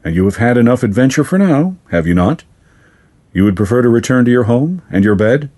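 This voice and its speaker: A man voicing a courteous, sinister male fairy lord in a storybook reading, formal and measured. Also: medium pitch, lively intonation, mellow, voice pushed up, natural voice. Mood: courteous menace. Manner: formal, measured, silkily polite.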